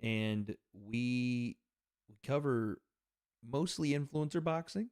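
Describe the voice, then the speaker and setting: Brief: male streamer, mid-pitched, loose profane banter with his chat, dry close sound. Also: expressive, slow, darkish tone, smooth, no echo. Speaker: livestream host. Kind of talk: casual fight watch-party commentary.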